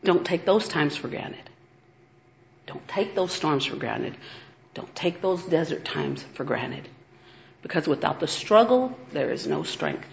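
A woman preaching to a group of women, earnest and animated, acting out stories and laughing now and then. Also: low-pitched, measured pace, gravelly, lo-fi sound, slight background noise. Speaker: women's ministry speaker. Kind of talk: sermon.

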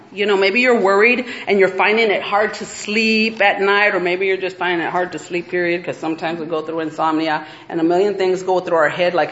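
A woman preaching to a group of women, earnest and animated, acting out stories and laughing now and then. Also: medium pitch, lo-fi sound. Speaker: women's ministry speaker. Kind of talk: sermon.

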